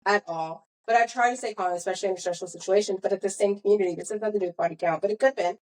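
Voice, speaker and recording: A young woman hosting a podcast talks at a racing pace in a mid-range voice, captured on a low-quality recording. She tells a long story in casual chat, rambling and correcting herself as she goes.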